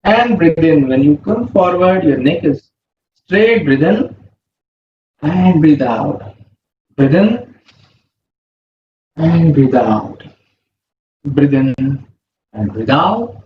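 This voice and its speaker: A man, leading a yoga class with calm, slow breathing cues. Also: a little high. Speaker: yoga instructor. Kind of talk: guided yoga instruction. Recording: roomy, distant, muffled with faint hum.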